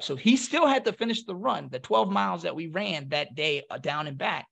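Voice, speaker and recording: A man from North Philadelphia, a former Marine and podcast guest, telling stories in a casual, animated way and acting out the voices of people he quotes. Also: sits high, moderate pace, creaky, husky. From North Philadelphia, USA. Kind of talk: casual storytelling.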